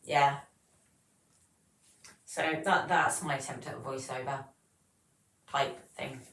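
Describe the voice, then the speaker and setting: Woman, low voice, chatty livestream host reading out comments, kinda far from the mic. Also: fairly even intonation, takes it slowly, fairly bright tone, reverberant. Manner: chatty, reads viewer comments aloud. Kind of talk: casual livestream chat.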